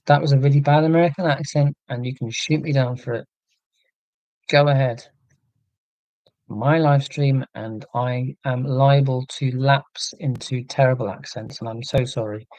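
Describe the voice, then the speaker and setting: A man talks through his thoughts on a livestream in an earnest, rambling way, often restarting his sentences. His voice is mellow and relaxed, recorded dry and close with no room sound, and he reads out and answers viewer comments as he goes. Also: mid-range voice, no echo, rough recording. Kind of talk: casual livestream chat.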